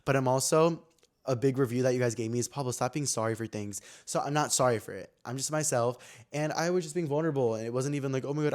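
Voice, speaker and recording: A young man hosting his own podcast, telling stories in a chatty, slangy way with lots of fillers. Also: medium pitch. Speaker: podcast host. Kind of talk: casual chat.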